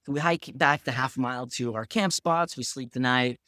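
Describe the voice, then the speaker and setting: A man, a pharmacist, telling a story in a casual, animated way, acting out other people's lines and saying "like" a lot. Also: mid-range voice, moderate pace, smooth, no echo, clean studio sound.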